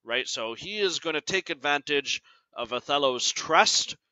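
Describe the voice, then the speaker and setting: A male teacher giving a recorded class lecture, explaining slowly and ending nearly every point with "right?". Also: on the high side, animated, pushed and bright, dry recording. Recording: dull lo-fi sound.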